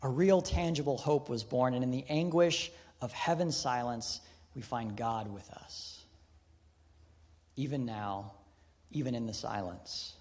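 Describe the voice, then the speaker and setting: A man preaching a sermon, earnest, shifting between hushed reflection and emphatic preaching, with casual asides. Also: medium pitch, measured pace. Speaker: pastor. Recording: long reverb of a large hall.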